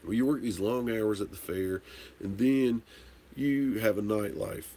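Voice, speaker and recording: Gravelly tipsy man rambling a story. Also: lowish voice, measured pace, warm tone, a little hiss or hum. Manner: rambling, candid, swears casually. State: tipsy from drinking. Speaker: livestream host answering viewer comments. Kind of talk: casual storytelling chat.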